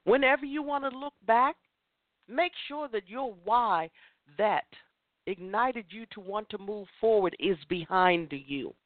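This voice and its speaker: A woman's voice: medium pitch, unhurried, no echo. Impassioned woman over a tinny phone line. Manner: impassioned, emphatic, repeats phrases for force. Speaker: host of a women's chat show. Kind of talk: motivational talk.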